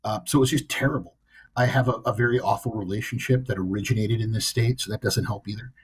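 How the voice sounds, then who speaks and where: A man's voice: fairly low pitch, quick pace, breathy edge. A man from the US East Coast co-hosting a podcast, telling a story in a blunt, wry, self-deprecating way. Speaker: podcast co-host. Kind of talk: casual chat.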